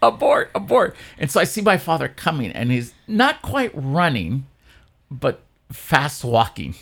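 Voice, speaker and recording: Gravelly, animated priest telling stories. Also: male voice, a little slow. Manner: animated storyteller, jumps high for quoted voices. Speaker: priest co-hosting a church podcast. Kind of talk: casual storytelling chat.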